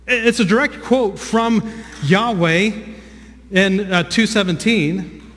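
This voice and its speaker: A man's voice: high-pitched, measured pace, a bit bright. A man preaching a sermon, earnest and teaching, often repeating words and putting questions to his listeners. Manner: earnest teaching, frequent word repeats, asks the congregation questions. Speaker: pastor. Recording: long reverb of a large hall.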